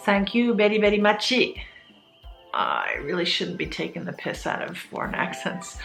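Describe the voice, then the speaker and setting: Low-voiced woman, chatty review. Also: expressive, moderate pace, gravelly, fairly bright tone. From Canada. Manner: chatty, conversational, self-joking. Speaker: handbag vlogger. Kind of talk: casual product review. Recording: roomy echo with faint music.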